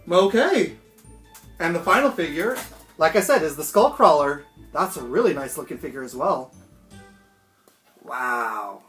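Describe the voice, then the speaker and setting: A man chatting excitedly and swearing casually through a home unboxing vlog. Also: on the high side. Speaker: toy collector vlogger. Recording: roomy echo, faint background music.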